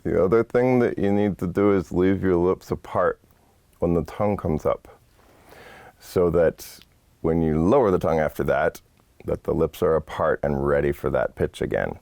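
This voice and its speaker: Deep gravelly guy explaining horn articulation, dark dry sound. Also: moderate pace, no room sound. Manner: patient, explanatory, casual asides. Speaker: horn teacher. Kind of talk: instructional lesson. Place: studio set.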